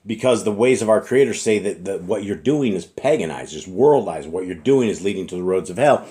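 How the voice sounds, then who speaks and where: A middle-aged man preaching in an earnest, repetitive way, clearing his throat often and fighting a slight cough. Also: sits low, expressive, brisk, mellow. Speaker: religious teacher. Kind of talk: informal preaching monologue.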